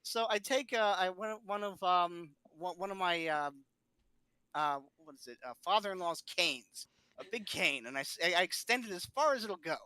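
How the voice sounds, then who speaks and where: A man on a podcast, telling a funny story in a lively way and laughing often. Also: high-pitched, normal speed, clean tone, dry recording. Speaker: podcast co-host. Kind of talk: casual storytelling chat.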